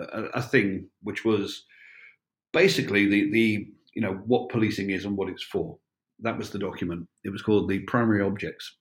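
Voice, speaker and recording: Older man, low voice, wry rambling anecdotes, frequent ums. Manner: rambling and wry, with many fillers and restarts. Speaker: interview guest, former police officer. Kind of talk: anecdotal storytelling.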